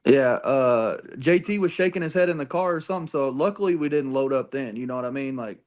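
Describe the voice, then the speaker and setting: A man's voice: medium pitch, a little fast, a little mellow. A man chatting casually about racing, rambling with frequent restarts and swearing. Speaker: podcast co-host.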